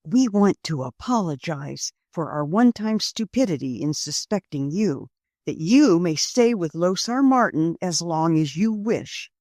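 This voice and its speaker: A woman's voice: fairly low pitch, lively intonation, unhurried, darkish tone, no echo, studio quality. A woman voicing a formal, genial middle-aged store manager in a storybook reading, with courteous phrasing.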